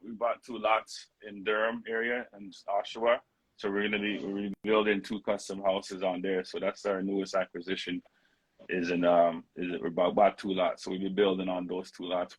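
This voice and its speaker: A man's voice: fairly low pitch, slightly rough, rough recording. A man guest, talking earnestly about his real estate projects in a casual interview and often repeating words as he speaks. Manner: repeats words while he finds them, plain and earnest.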